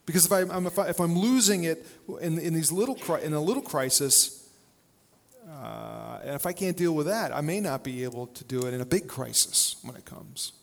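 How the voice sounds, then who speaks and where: A man's voice: a little high, animated, moderate pace, creaky. Conversational male pastor in a reverberant hall. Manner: conversational storytelling with frequent fillers. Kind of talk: sermon.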